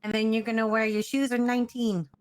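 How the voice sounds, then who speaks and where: A woman's voice: a little high, little pitch movement, fast talker. A woman playing an officer, walking cadets through their uniforms step by step in a matter-of-fact way, sounding just woken up. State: just woke up. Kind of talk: casual role-play instruction.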